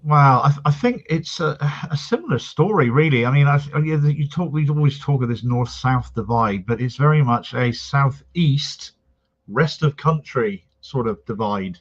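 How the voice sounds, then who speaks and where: A man's voice: mid-range voice, expressive, moderate pace, highs cut off. A man speaking as a guest in a remote political chat, earnest and indignant, with many restarts. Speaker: guest commentator.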